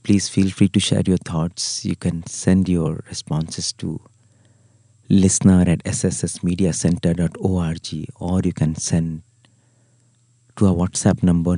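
A man with an Indian English accent, hosting a devotional podcast talk in an earnest, storytelling way, often trailing off softly. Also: low voice, breathy edge, dry recording, studio quality. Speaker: spiritual podcast host.

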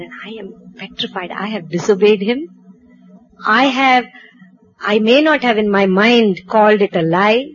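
Animated woman telling a story. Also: mid-range voice, highs cut off, slight background noise. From India. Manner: animated, acts out dialogue, laughs at herself. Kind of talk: personal anecdote told to an audience.

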